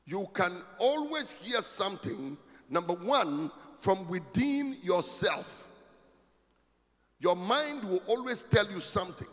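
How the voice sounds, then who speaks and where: A pastor preaching a sermon, emphatic and rising to shouts with a sing-song cadence. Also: male voice, sits high, very animated, slow. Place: church. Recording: long hall reverb, faint music.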